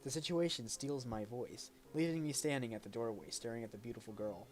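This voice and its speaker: A man's voice: mid-range voice, fairly quick, faint music behind. A man streaming a visual novel, reading its narration aloud with small slips and restarts. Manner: reads aloud with small slips, jokes with a friend.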